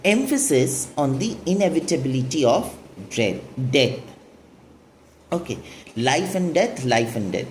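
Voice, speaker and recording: Low, slow-talking woman teaching a poem. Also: big pitch swings, a little mellow, a little hiss or hum. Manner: explains line by line, asks and answers her own questions. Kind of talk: literature lesson explaining a poem.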